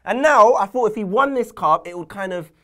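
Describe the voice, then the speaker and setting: A man co-hosting a football fan chat, who breaks into loud, theatrical mock outrage. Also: high voice, animated, brisk. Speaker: fan channel co-host. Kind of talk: casual chat.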